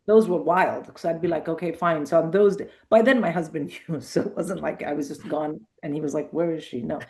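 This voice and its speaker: A middle-aged woman with a lowish voice chats through a casual interview. She spins animated anecdotes and acts out the other people in them with quick shifts of tone. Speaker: comedian guest.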